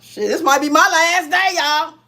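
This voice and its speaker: High-voiced, chatty woman livestreamer. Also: moderate pace, bright, forceful tone. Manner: chatty, laughs often, reads out viewer comments. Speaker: livestream host. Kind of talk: casual livestream chat while cooking.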